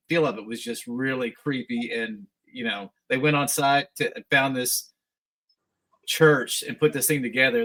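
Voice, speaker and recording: A man's voice: mid-range voice, fairly bright tone, low-quality recording. A man hosting a live talk show, chatting casually and praising his guest with enthusiasm. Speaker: host. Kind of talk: casual chat.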